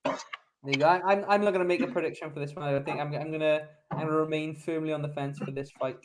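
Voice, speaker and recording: A man's voice: fairly high pitch, steady tone, fast, crowd noise. A man hosting a sports podcast in casual chat, enthusiastic and leading the discussion. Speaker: podcast host.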